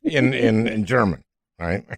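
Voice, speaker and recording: A man hosting a podcast interview, chatting casually in a jokey, animated way with rambling asides. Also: fairly low pitch, a little slow, gravelly, no room sound. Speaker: podcast host.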